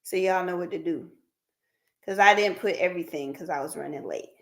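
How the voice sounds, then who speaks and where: A woman's voice: fairly low pitch, fairly quick, fairly bright tone. A woman hosting a counseling practice's livestream, chatting casually with viewers, laughing often and calling them by name.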